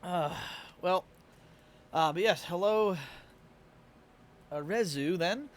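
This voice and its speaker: A man's voice: high voice, takes it slowly. A tired man with a Midwestern American accent, chatting casually and laughing often as he streams live to his chat. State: a little tired.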